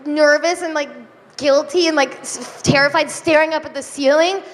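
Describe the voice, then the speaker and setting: A young woman performing a stand-up comedy set, giggly and self-deprecating, with drawn-out deadpan asides. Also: high-pitched. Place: comedy club stage before a live audience. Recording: live club recording with reverb, faint room noise.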